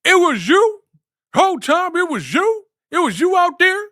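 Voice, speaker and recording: A man doing an impression of an exasperated streetwise man, with high, whining exclamations and repeated questions. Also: sing-song, normal speed, sharp tone, no room sound, studio quality, full character voice. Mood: incredulous.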